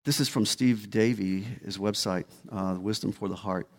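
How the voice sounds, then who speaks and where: A man's voice: lowish voice, fairly even intonation, normal speed. Emphatic male pastor. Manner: emphatic, repeats key words. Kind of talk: sermon. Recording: long hall reverb.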